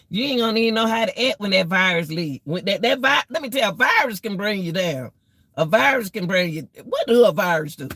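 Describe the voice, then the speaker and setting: A woman's voice: mid-range voice, lively intonation, fairly quick, fairly bright tone, dry recording. A woman giving casual life advice to her viewers, preachy, repetitive and emotional. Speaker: vlogger.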